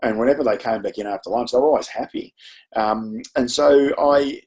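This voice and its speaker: A man's voice: mid-range voice, brisk, a little mellow, lo-fi sound. A man with an Australian accent presenting a webinar, telling a chatty, self-deprecating classroom story with frequent ums. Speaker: education presenter.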